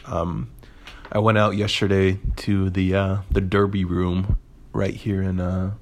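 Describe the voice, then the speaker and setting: Low-voiced man rambling through a story. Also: flat delivery, unhurried. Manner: rambling, profane, filler-heavy; sarcastic. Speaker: podcast host. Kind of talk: casual storytelling monologue.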